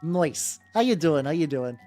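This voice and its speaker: A man on a live stream rambles casually while he paints miniatures, his pitch swooping up and down as he talks. He restarts sentences a lot, swears freely and keeps greeting his viewers, with soft music playing faintly underneath. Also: expressive, moderate pace.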